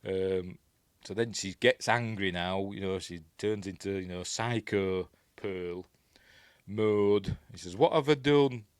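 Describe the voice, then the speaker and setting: Low-voiced Yorkshire man recapping a film. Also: steady tone, slow, clear, resonant tone, dry recording, studio quality. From Yorkshire, England. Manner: rambling, chatty, full of ums and asides. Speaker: film reviewer.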